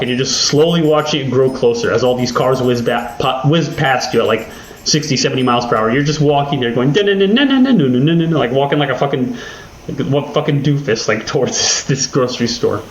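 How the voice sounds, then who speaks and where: A man's voice: medium pitch, fairly even intonation, a little fast, echoey room, slight background noise, low-quality recording. A man hosting his own channel, chatting casually and rambling with lots of swearing and self-deprecating jokes. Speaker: video host. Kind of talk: casual rambling chat over gameplay.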